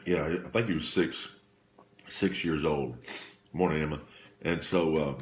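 A man telling a personal faith testimony in an earnest, halting way, often repeating and restarting his phrases. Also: very deep voice, steady tone, slight background noise. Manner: earnest, emotional retelling. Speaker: speaker sharing a faith testimony. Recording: roomy echo.

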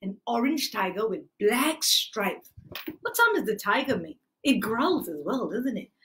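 A woman's voice: fairly high pitch, big pitch swings, unhurried, fairly bright tone. A young woman from Malaysia leading a live-streamed lesson for small children, exclaiming and talking in a sing-song way. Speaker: children's class teacher. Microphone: phone or camera on a livestream.

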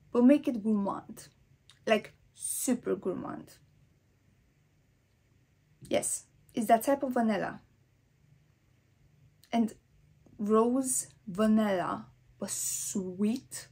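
Young woman, gravelly fry, husky tone, chatty perfume talk, slips into whispers. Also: a little high, darkish tone. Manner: chatty, rambling, drops into breathy whispers. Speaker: perfume vlogger. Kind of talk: casual perfume review.

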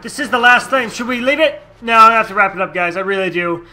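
High, bright young-sounding gamer guy, loud casual commentary. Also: fast talker. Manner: loud, jokey, swearing. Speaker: let's play gamer.

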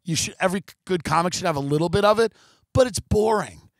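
A man's voice: sits high, lively intonation, fast, dry recording. A man hosting a comedy podcast, delivering a profane, rambling, sarcastic rant and mocking his critics in put-on voices. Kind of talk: ranting comedic monologue.

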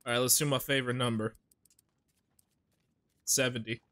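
A male streamer giving casual gaming commentary, brash, excitable and full of swearing. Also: medium pitch, normal speed. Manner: brash, excitable and heavily profane.

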